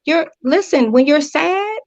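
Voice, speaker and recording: A woman guest counselor talking earnestly in an interview, telling stories with lively repetitions. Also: sits high, a little slow, no echo. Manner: earnest, animated storytelling with repetitions. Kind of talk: conversational interview talk. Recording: dry, dull lo-fi audio.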